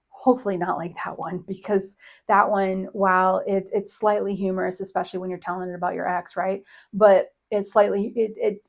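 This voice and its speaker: Middle-aged woman host, even mid pitch, casual storytelling with frequent laughs and animated quotes. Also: gravelly. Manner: chatty, laughs often, quotes others in voices. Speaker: podcast host, psychic medium.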